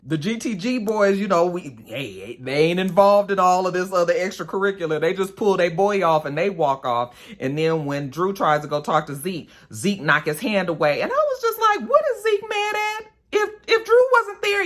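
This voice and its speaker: A woman casually recapping a TV episode, talking in an animated, salty way with lots of asides to viewers. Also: fairly low pitch. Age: adult, a mother. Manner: animated, profane, chatty with frequent "you know" and "okay". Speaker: TV episode reviewer.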